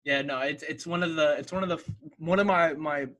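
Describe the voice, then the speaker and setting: A man's voice: on the high side, brisk. Chatty young man hosting a podcast. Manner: relaxed, chatty, many fillers. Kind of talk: casual chat.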